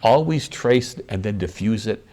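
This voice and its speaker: A man's voice: on the low side, lively intonation, a little slow, darkish tone. A man, a priest and guest, speaking earnestly in a preacherly way with lots of repetition. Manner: earnest, preacherly, builds emphasis through repetition. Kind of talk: interview talk about forgiveness.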